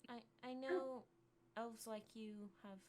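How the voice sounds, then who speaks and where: A woman voicing a gentle, kindly woman who offers tea, speaking softly and hesitantly with stammers. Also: fairly high pitch, steady tone, slow pace, slight background noise.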